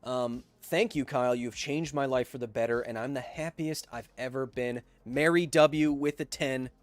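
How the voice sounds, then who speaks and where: A man's voice: mid-range voice, fairly even intonation, moderate pace, dry recording, faint music behind. A man in his thirties hosting a casual livestream podcast, chatting loosely and jokingly reading viewer messages aloud. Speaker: podcast host reading live chat.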